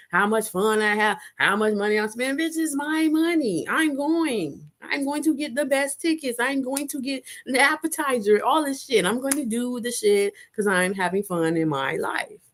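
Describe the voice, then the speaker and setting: Lively woman telling stories with big energy. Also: on the low side. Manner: animated, rowdy, swears freely, acts out quotes. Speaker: vlogger, live chat host. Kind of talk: casual storytelling live chat. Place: home in Chicago.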